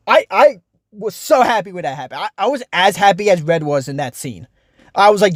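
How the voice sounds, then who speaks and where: High-voiced young man ranting. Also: expressive, a little fast, no echo, clean studio sound. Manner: frustrated, rambling, many restarts and fillers. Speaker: TV reviewer. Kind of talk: casual ranting review.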